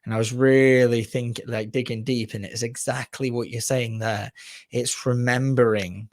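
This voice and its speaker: A man co-hosting a podcast, chatting casually and haltingly, with fillers and a mild curse. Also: medium pitch, little pitch movement. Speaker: podcast co-host.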